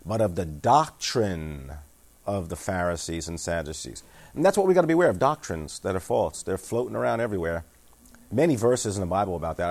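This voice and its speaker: A man's voice: lowish voice, darkish tone. A man giving a sermon, reading scripture aloud, explaining it in everyday words, and asking his listeners questions. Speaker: pastor.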